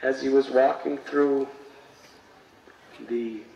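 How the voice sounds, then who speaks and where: A man, a spiritual teacher, telling a sacred story in a sermon with slow, dramatic delivery. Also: mid-range voice, fairly even intonation, gravelly, a little mellow, dull audio. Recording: echoey, distant mic, faint noise.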